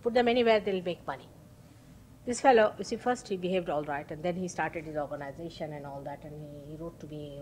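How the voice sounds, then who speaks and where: A woman's voice: fairly even intonation, brisk, noisy background. Emphatic woman telling a spiritual anecdote. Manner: anecdotal, acts out quoted dialogue; emphatic, sudden rises in pitch and loudness. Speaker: spiritual teacher. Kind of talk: public spiritual talk with storytelling.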